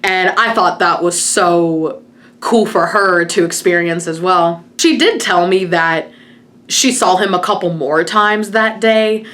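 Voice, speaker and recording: A woman's voice: on the low side, slow, a bit bright. A woman vlogger telling a personal story in a chatty way, full of "like" and retold conversations. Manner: chatty, full of "like" and quoted retellings. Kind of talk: casual storytelling to camera.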